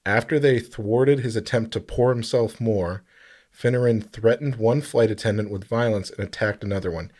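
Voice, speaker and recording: Rambling low-voiced man, casual podcast chat. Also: a little mellow. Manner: rambling, halting, with frequent fillers and laughs. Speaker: podcast co-host. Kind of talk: casual chat, reading out a story.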